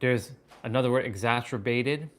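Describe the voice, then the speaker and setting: A man hosting a livestream, musing aloud in halting, wondering phrases with bursts of excited swearing. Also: mid-range voice. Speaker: fitness and wisdom livestream host. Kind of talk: live stream musing.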